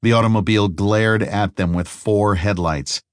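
A man reading a novel aloud in a steady, measured way. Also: fairly low pitch, clear, resonant tone, dry recording, clean studio sound. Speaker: audiobook narrator. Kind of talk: scripted narration.

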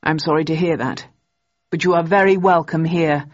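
A woman voicing a grey-haired gentleman in his seventies with courteous, old-fashioned formal speech. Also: low-pitched, fairly even intonation, normal speed. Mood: cordial. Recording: dull, muffled recording.

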